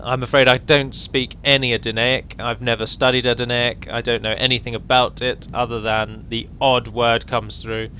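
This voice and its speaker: A man's voice: medium pitch, level tone, moderate pace, few pauses, bright, forceful tone, slight background noise. A man giving a casual, rambling walkthrough of a strategy game mod, with frequent ums and restarts.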